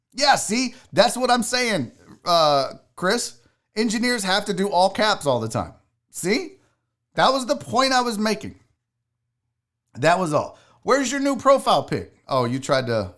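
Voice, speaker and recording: A man's voice: high-pitched, a bit bright. A man hosting a live sports show, ranting casually and profanely while reading viewers' chat.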